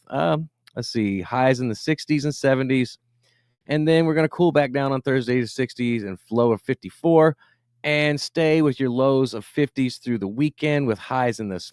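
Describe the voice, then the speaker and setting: A man's voice: medium pitch, moderate pace, a little mellow, clean tone, dry recording, clean studio sound. A man co-hosting a podcast, chatting loosely and reading the weather with lots of fillers and swearing. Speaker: podcast co-host. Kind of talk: casual podcast banter.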